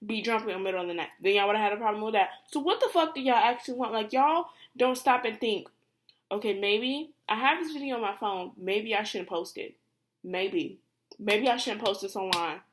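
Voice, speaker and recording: A young woman vlogger ranting casually to camera, animated and exasperated, with lots of fillers and free swearing. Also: mid-range voice, brisk.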